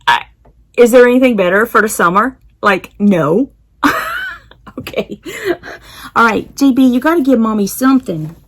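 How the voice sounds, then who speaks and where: A woman's voice: a little high, lively intonation, moderate pace, long pauses. A woman chatting casually while unboxing, giggling often and talking to her cat. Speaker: unboxing vlogger.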